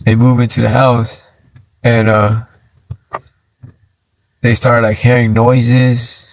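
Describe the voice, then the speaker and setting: A man's voice: mid-range voice, little pitch movement, slow pace, slight background noise, rough recording. A man chatting casually and telling a story on a livestream from inside his car, in a slangy, laid-back way that keeps checking in with his listeners. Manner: slangy and laid-back, lots of "you feel me".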